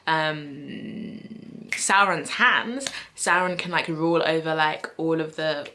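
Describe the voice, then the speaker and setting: A woman's voice: low voice, slow, sharp tone, a little hiss or hum. A young woman chatting casually to camera in a vlog, rambling and thinking aloud with fillers and self-corrections. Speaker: book vlogger.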